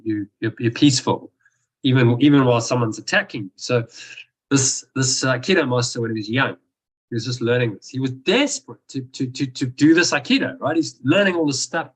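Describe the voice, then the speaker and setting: A man's voice: mid-range voice, a little fast, breathy edge, low-quality recording. A man leading a group discussion, telling stories in a casual teaching way with many restarts. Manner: storytelling with frequent restarts and acted-out quotes. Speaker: discussion and meditation group leader.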